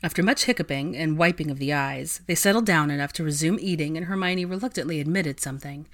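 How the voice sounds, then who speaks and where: A woman reading fan fiction aloud in an expressive storytelling way. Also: low-pitched, quick pace, hardly any pauses. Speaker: reader.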